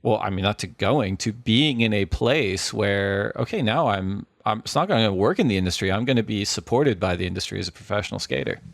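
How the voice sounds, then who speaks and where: A middle-aged man hosting a casual interview, asking long, relaxed, wandering questions. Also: lowish voice, fairly quick, gravelly, few pauses, dry recording, clean studio sound. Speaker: interview host.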